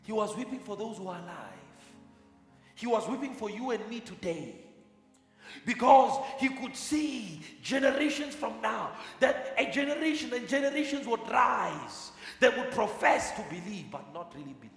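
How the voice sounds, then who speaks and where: A man's voice: high-pitched, very animated, moderate pace, vocal fry, a bit bright, soft background music. A man preaching a fervent sermon, repeating phrases and breaking into tongues. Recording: echoey hall with long reverb.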